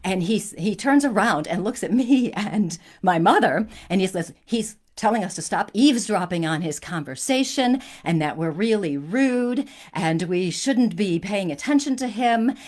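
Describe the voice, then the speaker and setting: A woman's voice: mid-range voice, animated, moderate pace, hardly any pauses, a little mellow. A woman hosting a spiritual talk, telling a personal story in an earnest, conversational way with frequent restarts.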